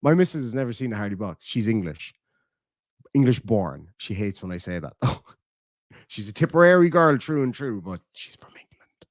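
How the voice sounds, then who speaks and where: A man's voice: medium pitch, sing-song, normal speed, dry recording, studio quality. An Irish man streaming, casually chatting and reading out viewer comments, swearing and laughing between rambling asides. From Ireland. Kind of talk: casual live-stream chat.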